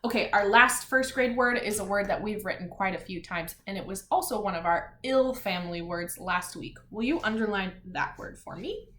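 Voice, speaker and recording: A woman teaching a lesson to young children, patient and clear, sounding out letters and words one by one. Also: mid-range voice, normal speed, few pauses, fairly bright tone. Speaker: elementary school teacher. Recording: roomy echo, faint background noise.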